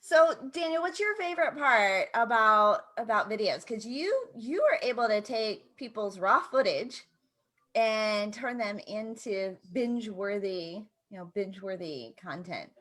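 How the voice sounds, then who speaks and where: A woman's voice: mid-range voice, animated, measured pace, fairly bright tone. Chatty woman co-host. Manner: chatty, lots of "like" fillers. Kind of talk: casual chat.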